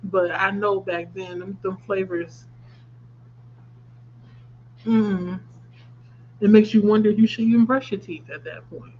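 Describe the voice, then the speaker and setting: A woman's voice: medium pitch, fairly even intonation, a little slow, pauses often, husky. A woman in her thirties hosting a casual craft livestream, chatting and reacting to viewer comments with laughs. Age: 30s. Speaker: livestream host. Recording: slightly dull stream audio with faint hum.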